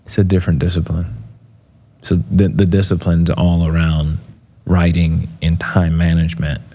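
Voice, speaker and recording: A man's voice: low-pitched, moderate pace. A man being interviewed as a motivational speaker, telling stories casually with lots of fillers and acting out what people said. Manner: animated storyteller acting out quotes; loose, filler-heavy talk.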